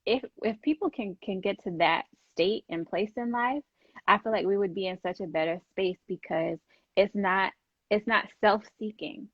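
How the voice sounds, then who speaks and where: A woman's voice: medium pitch, moderate pace, breathy edge, dry recording, lo-fi sound. Encouraging woman host, dry sound. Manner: encouraging, affirming interjections. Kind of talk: live interview conversation.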